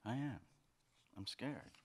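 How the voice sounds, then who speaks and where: A man's voice: medium pitch, big pitch swings, slow pace, husky, heavily acted. A man reading the lines of an insecure, anxious man in a secret affair, hesitant and pleading, stammering as he talks, in a live fiction reading. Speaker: reader of a story's dialogue.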